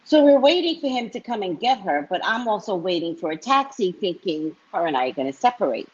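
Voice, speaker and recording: A woman psychic reader telling a story to her live-stream viewers in a casual, animated way, often tagging lines with "right?". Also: medium pitch, brisk, slightly rough. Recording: dull lo-fi stream audio.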